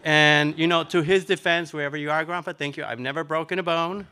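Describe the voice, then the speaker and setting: A middle-aged man from Nicaragua telling his life story in an interview, chatty and animated, with lots of fillers. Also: a little high, fairly quick, smooth. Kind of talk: personal storytelling.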